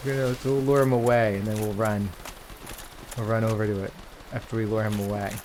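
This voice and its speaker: A man's voice: lowish voice, level tone, a little fast, noisy background. Profane, chatty man playing a game. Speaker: let's play gamer. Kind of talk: casual gameplay commentary.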